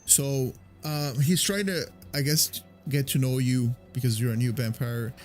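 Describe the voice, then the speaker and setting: A man's voice: medium pitch, fairly even intonation, a little slow, darkish tone, faint music behind. A man casually commentating his video game playthrough, rambling with many fillers and restarts.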